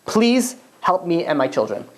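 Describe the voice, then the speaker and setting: A woman voicing a desperate, poor young mother who pleads softly and earnestly with God. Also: fairly low pitch, sing-song, moderate pace. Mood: pleading.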